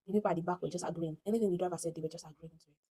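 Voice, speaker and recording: A woman with a Nigerian accent tells a story casually to her phone camera, animated and dramatic, acting out the voices she quotes. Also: lowish voice, rapid-fire, breathy edge, poor audio. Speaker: vlogger.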